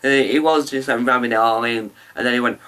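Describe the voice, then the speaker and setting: A man's voice: mid-range voice, fairly even intonation, fairly quick, fairly bright tone, smooth. A man chatting casually into his camera mic as he reviews a show, rambling with ums and restarts.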